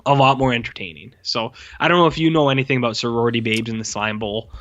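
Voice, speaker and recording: Talking fast in a medium-pitched, fairly bright voice, this podcast co-host rambles through a movie recap, speaking loosely and leaning on lots of fillers. The audio quality is dull.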